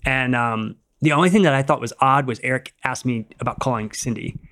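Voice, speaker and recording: A man's voice: mid-range voice, a little fast, fairly bright tone. A middle-aged man, a podcast guest, telling a casual story in a rambling way, acting out what people said and using many "like"s.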